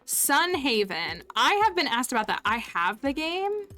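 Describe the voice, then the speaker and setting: A chatty woman streaming a game live, talking to viewers in a bright, crisp, fairly high voice. She giggles and rambles warmly with soft game music playing behind her. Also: big pitch swings, a little slow. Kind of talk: casual live-stream chat while gaming.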